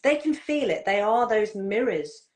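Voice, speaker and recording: A woman parenting coach chatting in a halting, earnest way, often restarting and repeating her words. Her voice sits at an ordinary middle pitch. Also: lively intonation. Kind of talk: casual conversational chat.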